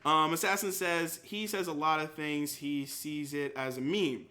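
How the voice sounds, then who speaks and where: A man's voice: fairly high pitch, measured pace. A young man streaming casually, reacting to and reading out his chat. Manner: animated, reads chat aloud. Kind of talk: casual live-stream commentary.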